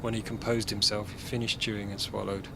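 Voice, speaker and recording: A man's voice: on the low side, level tone, fairly quick, creaky, very noisy. A man reading a personal short story aloud in a dry, matter-of-fact way. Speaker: story reader. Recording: music bed under voice.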